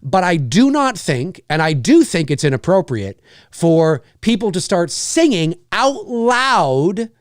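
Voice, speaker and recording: A man's voice: high-pitched, sing-song, slow pace, no echo, clean studio sound. A man hosting a livestream show, ranting casually with exasperation, swearing freely and mimicking noisy children.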